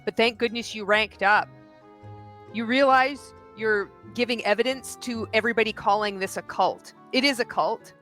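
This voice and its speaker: A woman hosts a reaction commentary show, her voice bright and forceful. She talks bluntly and sarcastically, picking apart what she has just watched. Faint music sits far behind her. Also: a little high, moderate pace. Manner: mocks others by quoting them in exaggerated voices. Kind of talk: reaction commentary on video clips.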